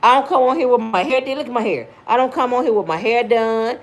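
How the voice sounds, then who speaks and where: A woman in her fifties hosting her own vlog, talking straight to her viewers in a passionate, preachy way and sometimes yelling. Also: on the high side, quick pace. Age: 50s. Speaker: vlog host. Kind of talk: casual talk to viewers.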